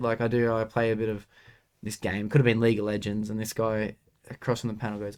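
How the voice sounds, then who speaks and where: A man's voice: on the low side, level tone, fast talker, a little mellow. A young Australian man hosting a casual podcast, telling stories in a laid-back way with lots of "like"s. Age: young adult. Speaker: podcast host. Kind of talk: casual chat.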